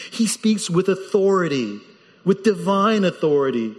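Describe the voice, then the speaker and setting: A man preaching a sermon as the pastor, animated and lively, his voice jumping up when he quotes people in the story. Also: high voice, moderate pace, long reverb tail.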